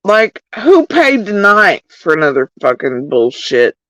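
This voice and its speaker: A woman streaming live speaks at a measured pace in a lowish voice, addressing her chat directly in a casual but heated rant that is profane and animated. The recording is low quality, with no echo.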